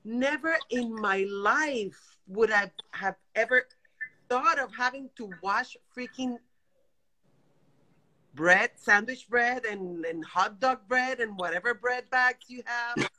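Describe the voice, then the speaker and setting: A woman in her fifties speaks over a phone video call from her apartment. Her voice sits a little high, and she talks in rapid, animated bursts full of exasperation. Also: rough recording. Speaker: guest caller. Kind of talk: emotional live-stream chat. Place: home apartment.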